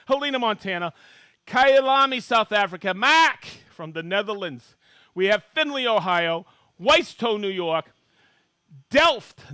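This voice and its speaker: Middle-aged host from Maine, high and bright, dry close sound; chatty, jokey live-stream presenter reading out viewer shout-outs. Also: male voice, dry recording. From Maine, USA. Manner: chatty, jokey, reads out viewer locations with bursts of excitement. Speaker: livestream host demonstrating tools.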